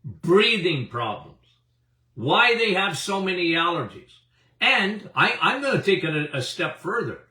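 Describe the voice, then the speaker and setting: A doctor in his seventies hosts a health talk for an audience, his high voice very animated and sharp in tone at a measured pace. He speaks emphatically, repeating himself and chuckling. The recording sounds roomy, with a distant mic.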